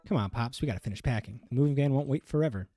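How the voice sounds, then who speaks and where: A man voicing a snarky teenage daughter in a game, reading her lines aloud with teasing, deadpan wisecracks. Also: medium pitch, very fast, dry recording, faint music behind, close to an everyday voice. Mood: cheerful.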